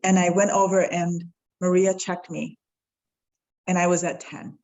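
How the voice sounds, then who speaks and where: Her lowish, slightly mellow voice and flat delivery come through a low-quality recording as this forties-aged podcast guest reflects warmly on a personal story. She voices the dialogue with rapid changes in tone, easing her pace at the crucial points.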